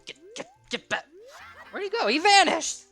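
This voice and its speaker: A let's player voicing a hot-headed, jealous forest boy in a game, yelling shrill accusations. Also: big pitch swings, measured pace, soft background music. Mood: indignant.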